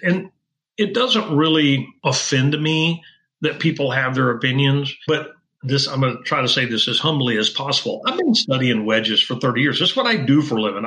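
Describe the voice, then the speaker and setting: A man's voice: mid-range voice, bright, forceful tone, low-quality recording. A middle-aged man who designs golf wedges, telling stories in an interview with an emphatic, self-assured manner. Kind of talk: interview conversation.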